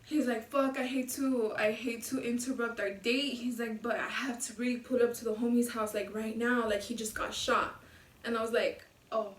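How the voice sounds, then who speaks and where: A young woman with a somewhat high voice tells a casual, profane storytime, acting out quotes with animated slang. The low-quality mic sits back from her in an echoey room with a faint hiss. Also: moderate pace, recorded from a distance. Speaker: vlogger. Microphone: low-quality camera mic.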